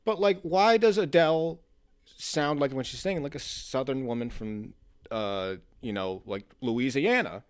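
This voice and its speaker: A man's voice: mid-range voice, a little slow, smooth. A man co-hosting a podcast in casual chat, blunt and jokey, swearing freely. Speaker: podcast co-host.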